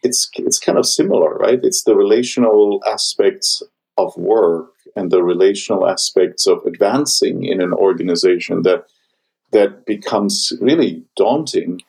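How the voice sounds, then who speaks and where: A man with a German accent hosts a podcast conversation. His voice sits a little low and has a husky edge. He talks thoughtfully and often stops to search for the right word. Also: unhurried, darkish tone, low-quality recording. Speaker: podcast host. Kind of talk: casual conversation.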